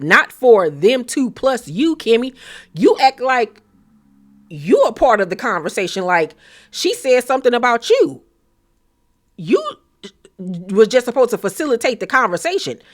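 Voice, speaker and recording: A woman giving a blunt, profane, animated recap of a reality show in casual commentary. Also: on the high side.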